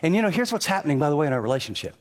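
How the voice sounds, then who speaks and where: A man's voice: a little high, big pitch swings, rapid-fire. A man preaching a sermon in an earnest, conversational way, often stumbling and repeating words. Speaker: pastor.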